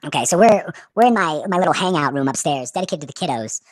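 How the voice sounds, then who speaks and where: A man in his twenties telling crude, absurd stories in a deadpan way on a comedy podcast. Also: fairly high pitch, fast, dry recording.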